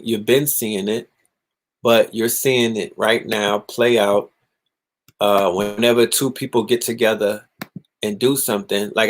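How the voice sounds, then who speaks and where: Animated, swearing man on a livestream. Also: lowish voice. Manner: animated, swearing, mocking voices in quotes. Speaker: livestream host. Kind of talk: casual livestream monologue.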